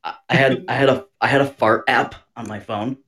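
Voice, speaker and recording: A man's voice: medium pitch, fairly even intonation, brisk, fairly bright tone. A man co-hosting a podcast in casual chat, telling a prank story and laughing often. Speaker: podcast co-host.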